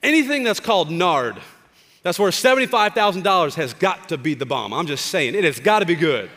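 A pastor in his thirties preaches with an animated, joking, conversational manner, his voice pitched high for a man. The sound carries a long reverb from a large church hall. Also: fairly quick. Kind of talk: sermon.

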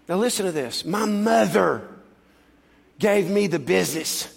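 Gravelly high-voiced preacher in a hall. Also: male voice, moderate pace. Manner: animated, building to loud exhortation. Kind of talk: sermon with personal storytelling. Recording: long hall reverb.

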